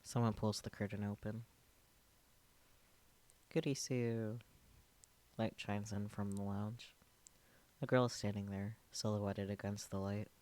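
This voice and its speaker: A male streamer reads the narration aloud in a subdued, low voice, breaking off now and then for wry asides. His low register stays even throughout. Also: measured pace, pauses often. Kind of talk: reading a visual novel aloud with asides.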